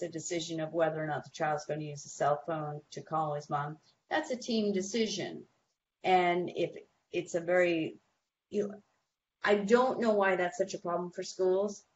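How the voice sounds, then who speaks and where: A woman with a slightly low voice talks parents through school behavior plans, telling quick stories and acting out what teachers and principals say. The audio is dull and lo-fi, with a faint hiss underneath. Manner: animated storytelling, acts out quoted people. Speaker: guest behavior expert. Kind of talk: advice on a talk show.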